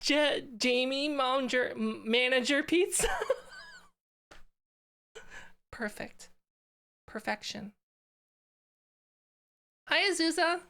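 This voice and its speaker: Slow-talking bright-voiced woman streamer. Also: sits high. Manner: playful, giggly, reads chat aloud. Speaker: VTuber streamer. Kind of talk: casual live-stream chat.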